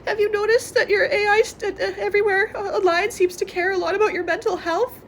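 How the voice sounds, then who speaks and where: A woman with a very high voice speaks straight to her viewers in a confessional vlog. She is tearful and congested, and her talk rambles between sobs and shaky laughter. A faint hiss sits under the recording. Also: fairly even intonation, a little fast, fairly bright tone. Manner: rambling, emotional, laughing through tears. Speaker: vlogger.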